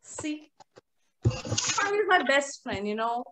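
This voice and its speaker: Over a video call mic, a young woman with a high voice teaches a live online phonics class to young children. She speaks slowly in a sing-song, coaxing way, full of praise and endearments, with a noisy background.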